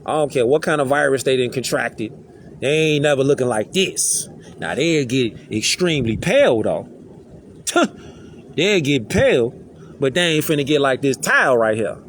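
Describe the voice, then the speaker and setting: A man's voice: fairly high pitch, a little hiss or hum. A man giving an emphatic, casual preachy monologue full of street slang and rhetorical questions, recorded outdoors. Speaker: social media commentator. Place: outdoors near trees.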